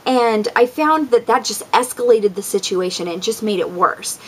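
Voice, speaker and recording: Her voice is a little high and slightly rough, at normal speed, captured in poor audio. This young parent vlogger talks casually about parenting tips, chatty, full of ums and likes, often acting out what she says to her kids.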